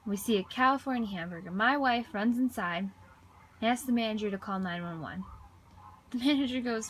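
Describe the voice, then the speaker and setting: Female interpreter voicing a signed first-person story; slightly high voice, halting delivery with restarts. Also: a little hiss or hum. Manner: halting, with frequent restarts and repeated words. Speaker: voice-over interpreter for a deaf man.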